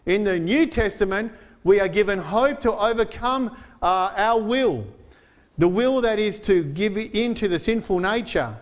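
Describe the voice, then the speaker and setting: A male pastor preaching a sermon in an earnest way, slowing down to stress quoted verses. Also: high voice, lively intonation. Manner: frequent fillers and restarts while preaching.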